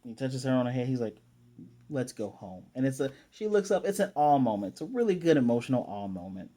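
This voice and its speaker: A man giving a casual, chatty recap and review of an anime episode, acting out characters' lines in quick asides. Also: medium pitch, very animated, warm tone. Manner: retells scenes with quick quoted character lines; chatty, with fillers and throat clearing.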